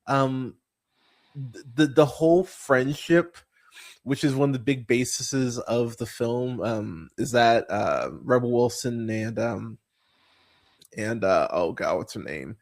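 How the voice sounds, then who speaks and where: A young man hosts a casual movie review podcast, talking slowly in a medium-pitched voice. He rambles profanely about bad movies, full of fillers, laughing often and swooping into mocking voices.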